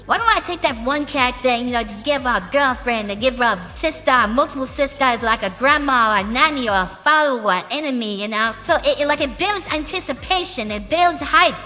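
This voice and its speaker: A young woman talks in a high, bright voice, blunt and cocky with plenty of swearing. She answers interview questions like a casual chat. A long room reverb hangs on her voice, with music playing behind. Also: animated, brisk, hardly any pauses. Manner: blunt, profane and boastful.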